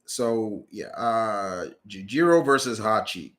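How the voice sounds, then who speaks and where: A man's voice: medium pitch, measured pace, fairly bright tone. A man hosting a casual live Q&A, rambling through viewer questions and correcting himself mid-sentence. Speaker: host answering viewer questions.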